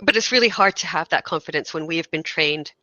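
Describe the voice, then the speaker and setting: A woman's voice: low voice, fast talker, pushed and bright, no echo, highs cut off. A woman guest speaking frankly and with animation in a casual panel conversation, acting out quoted remarks. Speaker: guest, game course organizer.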